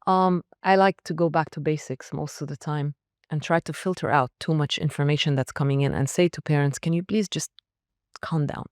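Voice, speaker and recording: A woman's voice: sits low, steady tone, brisk, no echo, studio quality. A woman around sixty, a school leader answering interview questions in an emphatic, direct way with short punchy phrases. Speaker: school academic leader, guest.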